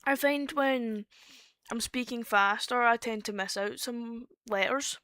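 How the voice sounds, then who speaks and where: A woman's voice: on the high side, a little slow, pushed and bright, smooth, dry recording, clean studio sound. A woman with a Scottish accent chatting casually on a voice call, explaining her points with fillers and restarts. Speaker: streamer.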